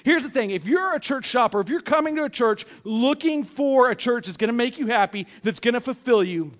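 Male pastor, high voice, blunt, joking, casual sermon, loud and soft by turns. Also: expressive, fairly quick. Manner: casual, blunt and joking, with big swings in loudness.

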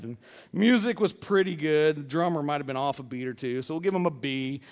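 High-voiced blunt joking male pastor. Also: fast. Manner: casual, blunt and joking, with big swings in loudness. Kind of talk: sermon.

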